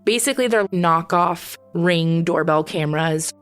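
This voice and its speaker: A woman's voice: fairly low pitch, unhurried, smooth, faint music behind. A woman podcast host telling a personal story in a candid, conversational way, swearing freely. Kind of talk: casual storytelling.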